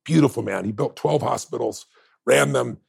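A man's voice: mid-range voice, normal speed, gravelly, husky. A man talking as a guest in a conversation, telling stories in an intense, heartfelt, emphatic way. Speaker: podcast guest. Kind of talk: emotional storytelling in conversation.

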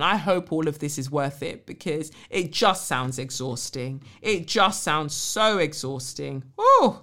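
A woman's voice: sits low, a bit bright. A young woman hosting a podcast, talking in an emphatic, outspoken way and swearing freely as she reacts to a listener's letter. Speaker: podcast host. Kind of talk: casual podcast chat and letter reading.

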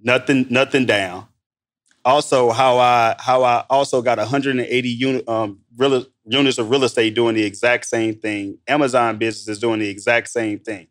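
A man with a mid-range voice chats as a podcast guest. His delivery is casual and animated, full of "bro" and "man" as he explains money ideas. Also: mid-range voice, normal speed. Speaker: guest, entrepreneur. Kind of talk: casual conversational storytelling.

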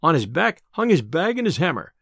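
A man reading an old adventure tale aloud in an expressive, measured narration. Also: a little high, creaky, dry recording, studio quality. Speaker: storyteller. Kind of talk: scripted storybook narration.

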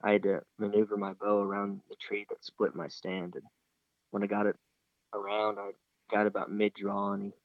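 A man's voice: lowish voice, completely flat delivery, moderate pace, no room sound, narrow, tinny audio. A young man casually retelling a hunting story, rambling and acting out the dialogue. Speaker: hunter telling a story.

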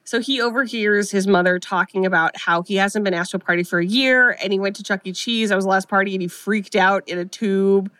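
A talkative woman walks through a film scene by scene in a relaxed, joking way and voices the characters' lines as she goes. Her voice sits at a middle pitch and sounds close and dry, with no room around it. She swears now and then and keeps a loose, conversational rhythm. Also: a little fast, hardly any pauses, dry recording. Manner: chatty, sarcastic, acts out characters' lines. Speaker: podcast co-host recapping a film. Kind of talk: casual chat.

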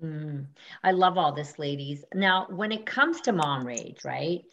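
Low-voiced woman hosting a radio show. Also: lively intonation, a little slow, fairly bright tone, lo-fi sound.

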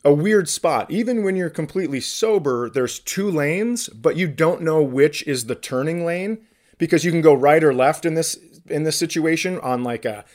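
A man's voice: fairly high pitch, expressive, moderate pace, darkish tone. A man, a comedian and podcast host, telling a story in casual chat with self-mocking humor.

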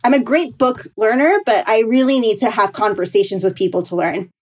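A woman's voice: a little high, brisk. A woman in her thirties, an astrologer, telling stories in a casual interview, chatty and full of "like" and "you know". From New York City. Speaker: astrologer guest.

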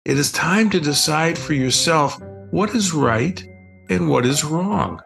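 An older man reading the lines of a calm, patient father who guides his children gently. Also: a little high, unhurried, vocal fry, faint music behind, heavily acted. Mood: calm, firm.

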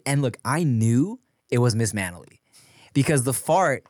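A man co-hosting a podcast, telling excitable stories in casual chat and breaking into laughter and shouted quotes. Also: mid-range voice, a little slow, no room sound, clean studio sound. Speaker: podcast co-host.

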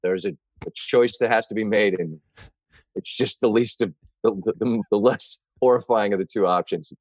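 A man's voice: lowish voice, normal speed, darkish tone, no room sound. A middle-aged male sports broadcaster chatting as a podcast guest, laughing and riffing playfully. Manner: laughing, playful, riffs on the host's stories. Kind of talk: casual chat.

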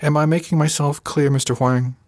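A man voicing a stern, controlling male starship captain who speaks in slow, measured, menacing tones. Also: fairly high pitch, fairly even intonation, a little mellow, dry recording, studio quality, pitched above the performer's own voice, natural voice.

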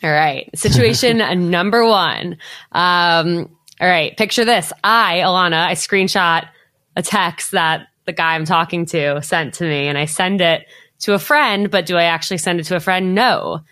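A woman's voice: on the low side, moderate pace, fairly bright tone, no room sound, studio quality. A woman hosting a podcast, chatty and upbeat, with lots of filler "like". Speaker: podcast host. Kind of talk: casual podcast chat.

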